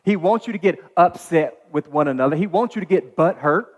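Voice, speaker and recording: Animated male pastor preaching in a hall. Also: fairly high pitch, a little fast. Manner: animated, chatty storytelling with many asides and restarts. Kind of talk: sermon. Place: dark church auditorium.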